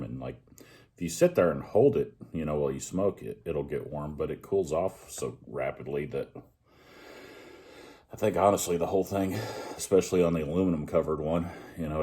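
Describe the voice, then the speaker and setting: A man giving a relaxed, rambling video review of a pipe, with plenty of fillers. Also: extremely low pitch, normal speed.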